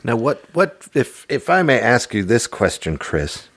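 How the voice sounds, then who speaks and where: A man's voice: mid-range voice, very animated, unhurried, vocal fry, a bit bright. A man co-hosting a casual podcast, teasing and playful in his banter. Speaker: podcast co-host.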